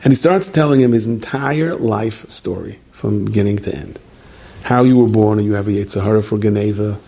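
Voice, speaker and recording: Gravelly, husky rabbi telling a story. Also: male voice, on the low side, fairly quick, mellow. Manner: conversational, with joking asides; sprinkles Yiddish and Hebrew words. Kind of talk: storytelling sermon.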